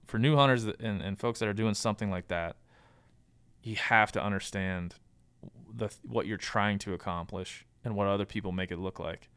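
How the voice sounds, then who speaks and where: A man with a lowish, clear, smooth voice talks as a podcast guest, working through his thoughts with plenty of ums and restarts. The sound is close and dry, with no room echo. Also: normal speed, a bit bright. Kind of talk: casual conversational advice.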